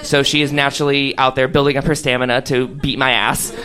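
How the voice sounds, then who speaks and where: A young man doing stand-up, telling a long story in a chatty way, full of fillers and animated quoted voices. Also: mid-range voice, fairly quick, some chatter behind. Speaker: stand-up comedian.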